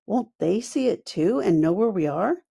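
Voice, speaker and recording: A woman's voice: mid-range voice, lively intonation, moderate pace, gravelly, dark tone, husky, exaggerated voice. A woman voicing a sensible, cautious young girl in a plain voice. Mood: worried.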